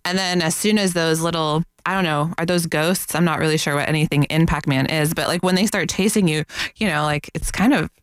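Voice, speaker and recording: A woman's voice: low voice, a little fast, clear, resonant tone, dry recording, clean studio sound. A woman blogger who is a guest on a radio show, talking candidly and poking fun at herself. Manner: candid, self-deprecating, giggly. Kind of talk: casual radio interview chat. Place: radio studio. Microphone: studio microphone.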